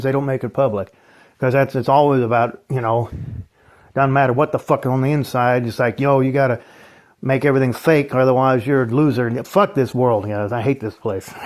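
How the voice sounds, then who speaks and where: A man's voice: mid-range voice, darkish tone. A man hosting his own channel, ranting bitterly about life with lots of swearing and scornful laughs. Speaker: channel host. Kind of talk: angry ranting vlog.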